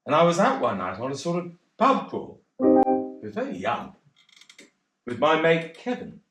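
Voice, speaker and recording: A man's voice: fairly high pitch, huge pitch swings, normal speed, over loud music. An actor playing a bashful, rambling cocktail pianist in a one-man stage monologue, hesitant and self-deprecating. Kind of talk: theatrical monologue. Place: theatre stage. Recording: roomy theatre.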